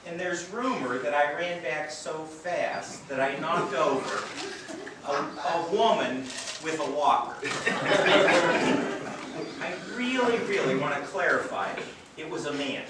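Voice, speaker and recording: A man with a somewhat higher voice tells heartfelt stories to a gathering, slipping in gentle jokes about himself. He sounds far from the mic, with heavy echo and audible background noise around him. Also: a little slow. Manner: earnest storytelling with light self-deprecating humor. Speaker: treatment center director giving a speech. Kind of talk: public speech at a charity event. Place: event venue, indoors or under a tent. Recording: very echoey, distant from mic, noisy.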